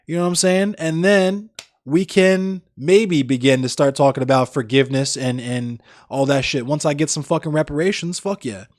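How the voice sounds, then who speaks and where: A man's voice: on the high side, fairly even intonation, moderate pace, no room sound, clean studio sound. A young American man chatting casually with live-stream viewers in a blunt, rambling, heavily profane way. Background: faint music.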